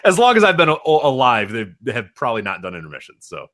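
A man in his thirties hosting a podcast, chatty and quick, laughing easily and stumbling over words. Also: medium pitch, wildly swooping pitch, fairly bright tone. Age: 30s. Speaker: podcast host. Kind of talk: casual podcast chat.

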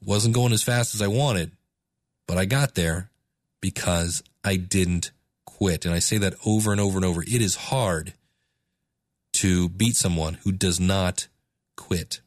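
A man's voice: deep voice, a little slow, no echo, studio quality. A man hosting his own podcast, talking casually and candidly, self-deprecating and rambling with restarts. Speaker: podcast host. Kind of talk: casual solo podcast talk.

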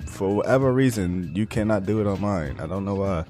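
A young man who makes gaming videos, chatting casually in a soft-spoken, laid-back way with lots of fillers. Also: lowish voice, a little fast, faint music behind. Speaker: gaming YouTuber. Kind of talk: casual chat.

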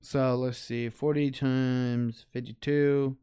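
A man's voice: mid-range voice, level tone, slow pace, mellow, clean tone, dry recording, clean studio sound. A young man co-hosting a podcast, talking casually and profanely, laughing often and mimicking people. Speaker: podcast co-host. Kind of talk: casual chat.

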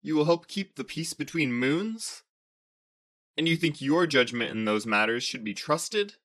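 A man's voice: fairly high pitch, lively intonation, measured pace, a bit bright, voice pushed up. Man doing a growling tyrant planet king. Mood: menacing. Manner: growling, snarling, domineering. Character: huge arrogant male planet king, menacing.

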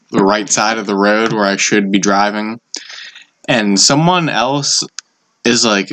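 A man's voice: on the low side, fairly bright tone. A young man co-hosting a casual podcast, talking bluntly and swearing a lot. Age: young adult. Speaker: podcast co-host. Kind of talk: casual chat.

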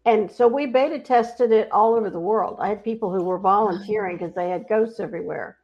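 A woman guest describing her work helping ghosts, speaking as a confident, animated storyteller. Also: mid-range voice, a little fast, soft background music. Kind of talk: earnest spiritual storytelling. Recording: dull lo-fi sound.

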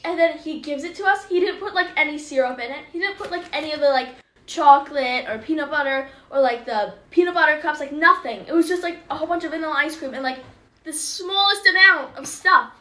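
A woman's voice: high-pitched, fairly quick, pushed and bright. A young woman chatting casually, filling every sentence with "like" as she tells stories. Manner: chatty, heavy use of "like". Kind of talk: casual chat. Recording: echoey room with faint noise.

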